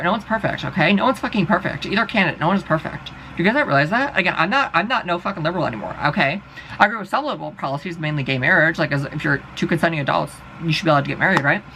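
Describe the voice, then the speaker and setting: A young man rants straight to his viewers in a casual vlog, rambling and swearing with exasperation. His voice is gravelly and sharp-edged, and he talks at a rapid clip. A faint hum of noise sits behind him. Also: a little high, low-quality recording. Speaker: vlogger. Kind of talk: casual ranting monologue.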